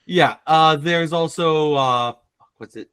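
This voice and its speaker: A man's voice: fairly high pitch, slow, sharp tone, clear, resonant tone, dry recording. A man in a casual review chat, dropping wry, dry jokes. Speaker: podcast panelist.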